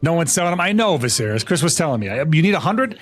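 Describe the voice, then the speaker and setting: Excitable man streaming a game, lively pitch. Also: quick pace, a little hiss or hum. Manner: excitable, laughs often, talks to chat. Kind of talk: live gaming stream chat.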